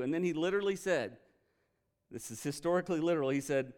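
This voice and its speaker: A male pastor preaching a sermon, telling a story earnestly and with feeling, often pausing to react. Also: a little high, animated, a little mellow. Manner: earnest storytelling, emotional, retells quotes with energy.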